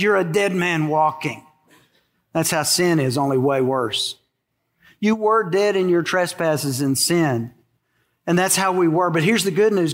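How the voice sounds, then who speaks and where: A man's voice: fairly high pitch, a bit bright. A middle-aged man preaching a sermon, emphatic and storytelling, with rhetorical questions to his listeners. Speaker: pastor.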